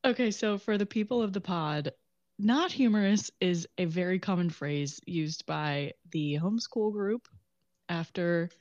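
Young woman, podcast co-host, gushing and affectionate, unhurried, dry and slightly muffled lo-fi recording. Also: fairly low pitch, darkish tone, dry recording. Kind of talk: casual chat. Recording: dull lo-fi sound.

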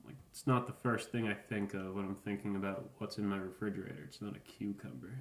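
This podcast host, a man in his thirties, rambles through a casual comedic monologue in a deadpan, offhand way, dropping profane asides. His voice is lowish and a little fast, and the room is echoey.

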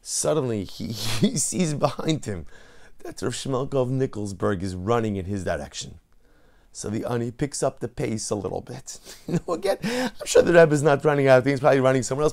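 Animated man telling a sermon story. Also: a little high, moderate pace, vocal fry.

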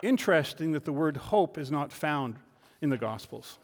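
Male pastor, high voice, sermon in a long-reverb church hall, swings from hushed to emphatic. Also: expressive, moderate pace. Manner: builds from quiet reflection to loud emphatic declarations; rhetorical questions answered in turn. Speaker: lead pastor. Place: church sanctuary.

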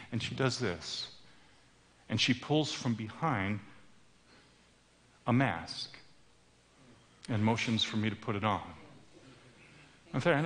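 Preacher guy acting out a story, bright voice, big pitch swings, echoey hall. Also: slow pace, long pauses. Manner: dramatic, switches into character voices. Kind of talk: sermon with acted storytelling. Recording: long hall reverb.

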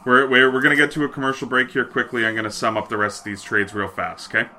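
A man's voice: medium pitch, level tone, bright, forceful tone. A man co-hosting a casual sports talk show, swearing freely and reading out trade news in an offhand way. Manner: profane, offhand, reads news items quickly. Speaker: podcast co-host.

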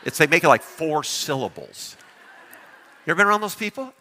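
A man preaching a sermon, lively and animated, often putting questions to his congregation. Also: on the high side, fairly quick, long reverb tail, slight background noise. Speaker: pastor.

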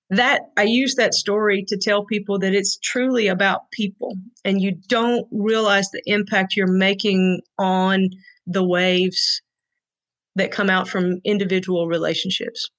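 A woman's voice: medium pitch, fairly bright tone, low-quality recording. A woman, a guest telling an emotional story in an earnest, frank way. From Tennessee, USA. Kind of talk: heartfelt storytelling.

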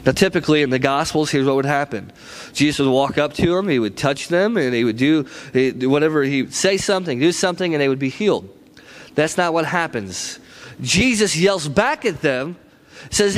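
Male preacher, high-pitched, casual storyteller who keeps asking "right?". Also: expressive, moderate pace. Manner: conversational storytelling, frequent "right?" asides. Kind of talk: sermon.

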